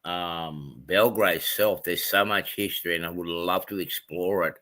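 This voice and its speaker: A man's voice: deep voice, steady tone, moderate pace, pushed and bright. A man from Australia chatting casually on a livestream, rambling with many ums and self-corrections. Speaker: livestream host.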